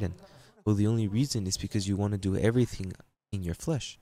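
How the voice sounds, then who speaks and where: A man preaching a sermon as pastor, emphatic and repetitive, with halting restarts and sudden jumps in pitch. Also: mellow.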